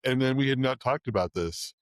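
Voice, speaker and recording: A middle-aged man from the Bay Area who plays Santa, telling stories in a casual fireside chat, halting and emotional, with many restarts. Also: medium pitch, no echo. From Bay Area, California. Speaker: Santa performer, host.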